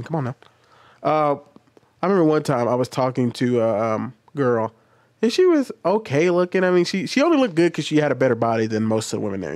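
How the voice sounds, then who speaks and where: A man's voice: mid-range voice, darkish tone, dry recording. A man hosting a casual commentary video, telling stories and talking straight to his viewers. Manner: chatty, storytelling, talks directly to viewers. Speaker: commentary host.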